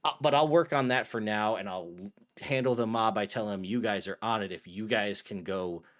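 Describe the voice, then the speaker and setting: A man voicing a harried town official in a tabletop game, rambling quickly and cutting himself off. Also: fairly low pitch, lightly acted. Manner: rambling, rapid, self-interrupting. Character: harried male town official, fast-talking and overwhelmed. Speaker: dungeon master voicing a townsman. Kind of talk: tabletop role-play.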